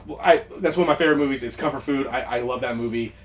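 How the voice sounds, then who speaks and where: A man co-hosting a podcast, chatting casually about movies, rambling with quick asides and frequent laughs. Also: medium pitch. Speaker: podcast co-host.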